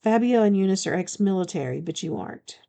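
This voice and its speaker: A woman's voice: medium pitch, expressive, brisk, gravelly, mellow. Woman reading a defensive baby vampire woman. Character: young-looking woman vampire, defensive and proud.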